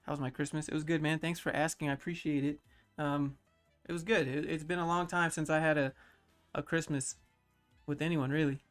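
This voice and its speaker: A man in his thirties on a casual livestream, reading chat questions aloud and answering them in a low-key, mellow way. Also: steady tone, fairly quick, faint music behind. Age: 30s.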